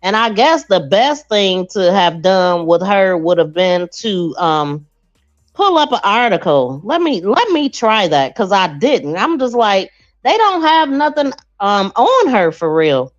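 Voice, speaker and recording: A woman's voice: medium pitch, very animated, measured pace, faint music behind. A woman hosting a true crime livestream podcast, chatting casually with her listeners. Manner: chatty, addresses listeners as y'all. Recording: dull lo-fi stream audio.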